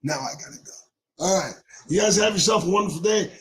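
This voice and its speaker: A man in his forties, hosting a show, talking to viewers in a preachy, joking way that breaks into shouting, his voice going hoarse. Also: high-pitched, expressive, fast talker. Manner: preachy, jokey, bursts into shouting. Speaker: show host. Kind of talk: monologue to viewers.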